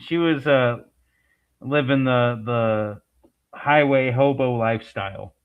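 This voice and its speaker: A man's voice: mid-range voice, slow pace, smooth. A married man co-hosting a casual movie chat, laid-back and joking. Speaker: podcast co-host. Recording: dull lo-fi sound.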